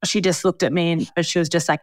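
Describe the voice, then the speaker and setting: A woman's voice: lowish voice, fairly even intonation, fast, dry recording, studio quality. A young Australian woman hosting a podcast, telling a story in casual chat with frequent swearing and laughter. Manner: chatty storyteller, swears freely, laughs often. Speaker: podcast host.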